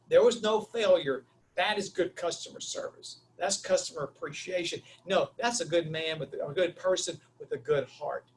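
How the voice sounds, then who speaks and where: A man tells a story on a webinar, acting out each line of dialogue with lively energy. A faint hum sits under his voice. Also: high-pitched. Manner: lively, acts out quoted dialogue, Southern "y'all". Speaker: webinar speaker. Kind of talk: animated storytelling talk.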